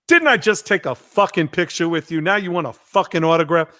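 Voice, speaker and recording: Brief: man putting on an exasperated, snappish movie-star woman, raised and sharp. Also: on the high side, fairly quick, no room sound, clean studio sound. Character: irritated glamorous famous film actress.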